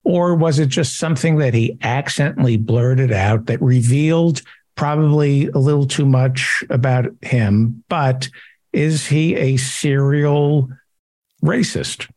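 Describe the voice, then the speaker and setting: Slow, gravelly-voiced male interviewer. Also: mid-range voice, a little mellow, no echo. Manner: slow, deliberate questioning. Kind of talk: interview questions.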